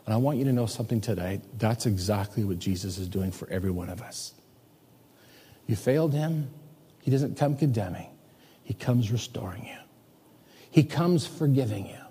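A pastor in his fifties preaching a sermon, emphatic, swinging between loud and hushed. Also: fairly low pitch, husky. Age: 50s. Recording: long hall reverb.

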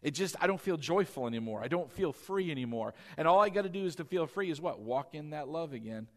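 Animated high-voiced preacher, swinging loud to quiet. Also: male voice, quick pace. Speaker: pastor. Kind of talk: sermon.

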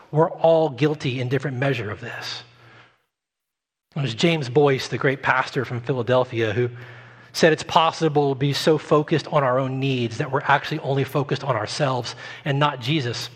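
A male pastor preaching a sermon emphatically, rising loud and dropping quiet. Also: mid-range voice, fairly even intonation, moderate pace, slightly rough. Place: church sanctuary. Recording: long hall reverb.

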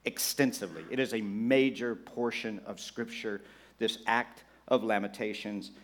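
A man preaching a sermon to a congregation, conversational and animated, acting out the voices of churchgoers and laughing along with the room. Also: lowish voice, normal speed. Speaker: pastor.

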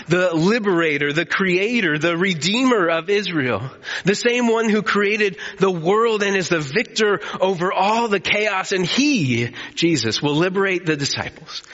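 A man preaching a sermon as pastor, telling the story with animated energy and calling on the congregation to respond. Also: on the high side. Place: church hall. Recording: echoey hall, slightly dull.

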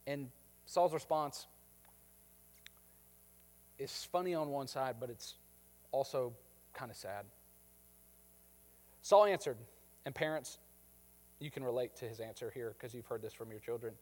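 A man preaching a sermon as a pastor, animated and jokey, acting out the people in the story. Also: medium pitch, a little slow, pauses often, big-room sound. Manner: animated, jokey, acts out biblical characters.

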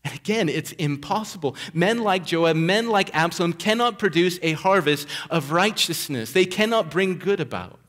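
Earnest male preacher, slightly high voice. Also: expressive, normal speed, few pauses, a bit bright. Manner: earnest, builds with repetition and rhetorical questions. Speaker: pastor. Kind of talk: sermon.

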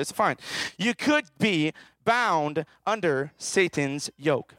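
A man with a high, smooth voice preaches a lively, joking sermon as a children's minister, constantly prompting listeners to answer aloud. The sound is close and dry, with no room echo. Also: moderate pace. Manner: playful, calls out for audience participation.

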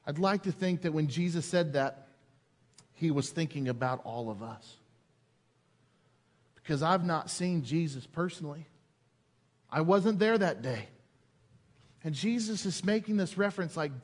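Guy preaching, tells a funny story and does all the voices, fairly high voice, long echo like a big church. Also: animated, moderate pace, long pauses. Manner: storytelling, acts out quoted voices, builds to emphasis. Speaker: pastor. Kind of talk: sermon with personal story. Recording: long hall reverb.

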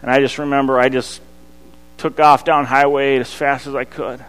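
A pastor, preaching a sermon that swings from loud to hushed. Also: male voice, mid-range voice, level tone, normal speed, clean tone. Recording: long hall reverb.

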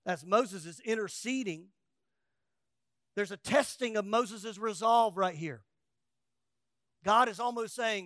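Male pastor, high voice, emphatic sermon delivery, loud peaks and quiet asides, dry close recording. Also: takes it slowly, pauses often, no room sound. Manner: acts out quoted voices with humor.

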